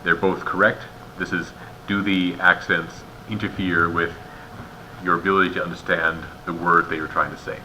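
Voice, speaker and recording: A man's voice: low voice, flat delivery, normal speed, bright, forceful tone, slight background noise, low-quality recording. A man giving a methodical step-by-step walkthrough as an instructor, explaining each point and posing rhetorical questions. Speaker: instructor guiding raters.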